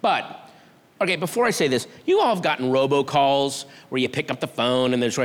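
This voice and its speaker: A man's voice: mid-range voice, a little fast. A man performing a stand-up comedy set, telling stories with exasperated energy and acting out voices. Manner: animated, exasperated storytelling with acted-out voices. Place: theater stage. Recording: live show in a hall with audience.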